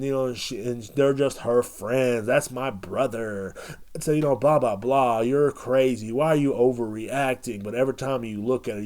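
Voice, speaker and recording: A man's voice: medium pitch, dark tone. A man hosting his own podcast, ranting in a rambling, sardonic, profanity-heavy monologue. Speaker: podcast host. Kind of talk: casual rant monologue.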